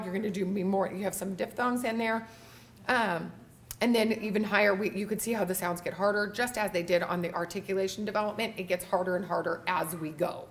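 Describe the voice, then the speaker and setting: A woman's voice: mid-range voice, a little hiss or hum. A woman speech therapist giving a conference lecture, explaining each slide step by step with frequent fillers.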